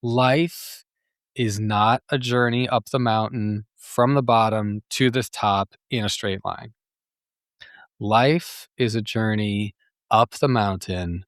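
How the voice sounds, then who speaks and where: A man's voice: lowish voice, no echo, studio quality. A man hosting a solo therapy podcast, talking in a thoughtful, reflective way with frequent fillers. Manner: thoughtful, with frequent fillers and acted self-talk.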